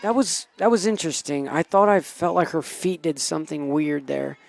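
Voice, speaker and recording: A man doing casual, excitable play-by-play for a high school softball game, chatty and cheering the batters on. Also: normal speed, gravelly. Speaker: play-by-play commentator. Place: small school TV studio booth.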